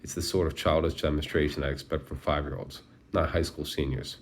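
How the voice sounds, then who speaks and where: A man's voice: rumbling low, steady tone, fairly quick, a little hiss or hum. A man voicing a stern male schoolteacher with a cold, clipped way of speaking in an audiobook.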